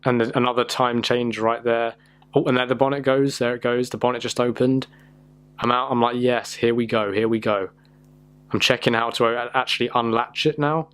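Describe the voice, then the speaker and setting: A man's voice: medium pitch, little pitch movement, brisk, a bit bright, clean tone. A young man from the United Kingdom, chatting casually and self-deprecatingly in a vlog, rambling with fillers. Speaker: vlogger. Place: in a car and outdoors by a house.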